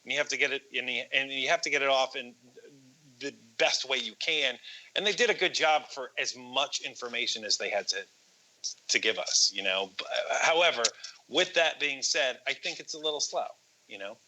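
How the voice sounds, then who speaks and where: A man on a movie podcast with a very bright, tense voice at an average pitch. He talks in a halting way, restarting his sentences and hedging his points. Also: animated, rough recording. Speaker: podcast co-host. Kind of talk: casual movie podcast chat.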